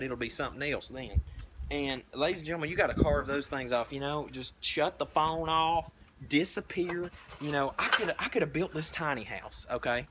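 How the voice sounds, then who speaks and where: A man's voice: mid-range voice, noisy background. Rambling Southern young man preaching. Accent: Southern American. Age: young adult. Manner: rambling, blunt, folksy with frequent restarts; painting while talking. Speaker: prepper vlogger. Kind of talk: casual preaching monologue. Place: outdoors at a tiny house build site.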